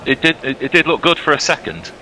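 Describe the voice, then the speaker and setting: A male cricket commentator giving brisk, upbeat ball-by-ball commentary and laughing easily. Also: mid-range voice, sing-song, bright, forceful tone, a little hiss or hum, poor audio.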